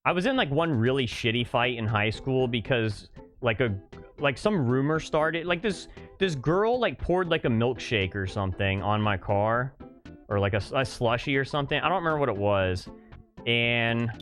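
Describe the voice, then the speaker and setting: A man's voice: medium pitch, a bit bright. A young man streaming a game, telling a rambling story to his chat with lots of fillers and swearing. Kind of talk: casual chat to a live stream chat while playing.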